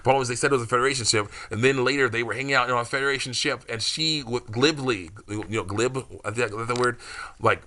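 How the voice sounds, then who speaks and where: A man's voice: medium pitch, quick pace, sharp tone, a little hiss or hum. A man rambling casually through his fan story, with many fillers and frequent little laughs.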